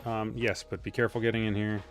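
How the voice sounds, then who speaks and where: A man's voice: lowish voice, little pitch movement, fast, music in the background. A man hosting a casual sober-living livestream while he paints miniatures, chatty and joking, often distracted by chat and family. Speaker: podcast host.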